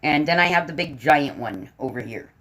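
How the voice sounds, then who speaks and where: Her voice sits low and has a fairly bright tone, and she talks expressively at a moderate pace in a low-quality recording. This woman is a livestream host broadcasting casually from home, talking with viewers and her dogs as they bark nearby.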